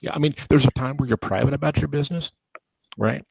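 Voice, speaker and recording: A man's voice: mid-range voice, quick pace, gravelly, darkish tone, breathy edge, rough recording. A middle-aged man telling rambling personal anecdotes as a guest in a casual interview.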